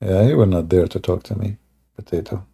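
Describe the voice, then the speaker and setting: A man hosting a live stream with mocking, sarcastic commentary and broken English grammar, often rising into loud taunting exclamations. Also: deep voice, fairly quick, creaky, breathy edge.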